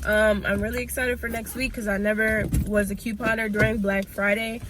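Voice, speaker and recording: A woman's voice: mid-range voice, flat delivery, moderate pace, background noise. A young woman who is a little sick, chatting casually to her viewers from her car and counting off her shopping finds. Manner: chatty, tallies items aloud, addresses viewers directly. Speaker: couponing vlogger. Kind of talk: casual vlog chat. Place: parked car.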